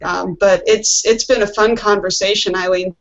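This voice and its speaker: Woman, co-host, chatty, mid pitch, muffled call audio. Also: steady tone, moderate pace, a crowd in the background. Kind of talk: casual video-call chat. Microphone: video call. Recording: dull lo-fi video call audio.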